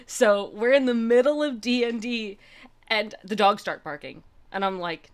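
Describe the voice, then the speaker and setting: A woman's voice: mid-range voice, unhurried. A young woman hosting a livestream, chatting casually and gushing through a personal story with lots of fillers. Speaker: livestream host.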